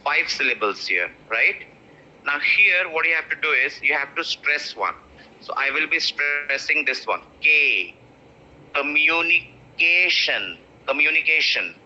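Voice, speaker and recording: A man teaching pronunciation, repeating words slowly to stress syllables. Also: fairly high pitch, animated, bright, forceful tone. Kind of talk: spoken English lesson. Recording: muffled lo-fi audio.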